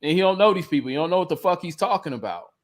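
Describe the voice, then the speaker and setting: A man's voice: on the high side, animated, racing. A man co-hosting a podcast, ranting in a profane, heated way in casual chat. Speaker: podcast co-host.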